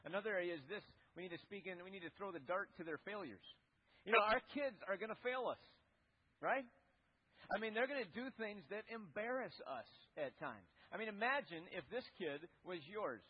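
A man's voice: high-pitched, expressive, brisk, breathy edge. A man preaching a sermon in an earnest, conversational way, often restarting his sentences. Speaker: pastor. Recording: echoey hall, dull lo-fi sound.

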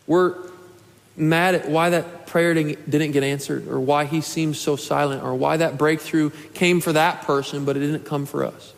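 A young man in his twenties delivers a sermon to his congregation in a somewhat high voice. He speaks earnestly and pleads with his listeners, sometimes rising to a shout. His words ring out with a long reverb through a church hall. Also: fairly even intonation, moderate pace, gravelly. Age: 20s. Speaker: pastor. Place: church sanctuary.

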